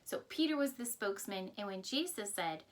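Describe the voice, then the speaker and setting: A woman's voice: medium pitch, animated, a little fast. A woman teaching a Sunday school lesson, retelling a Bible story in simple words and often reminding her listeners of earlier lessons.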